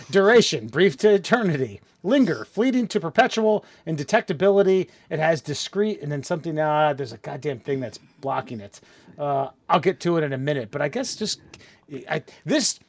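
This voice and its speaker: A man hosting a casual podcast, swearing often and rambling in quick bursts. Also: fairly high pitch, lively intonation. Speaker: podcast host.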